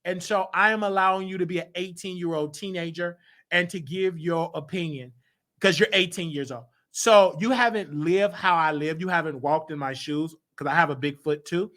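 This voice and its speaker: A man's voice: on the high side, normal speed, fairly bright tone. A man with a Southern US accent hosting a live call-in talk show, emphatic and repetitive, stammering as he restarts his lines.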